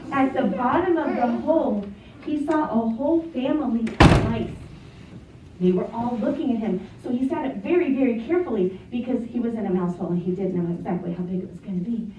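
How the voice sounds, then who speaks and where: A woman telling a children's story in an animated way, inviting the children to join in. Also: a little high, slight background noise. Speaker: storyteller and teacher. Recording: echoey, distant, dull, piano behind.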